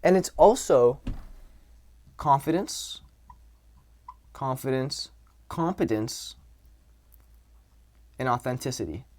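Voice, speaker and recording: A man's voice: mid-range voice, expressive, takes it slowly, pauses often, dark tone. A young man giving casual dating and self-improvement advice, talking loosely with fillers and restarts. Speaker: dating and social skills coach. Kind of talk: casual advice talk to camera.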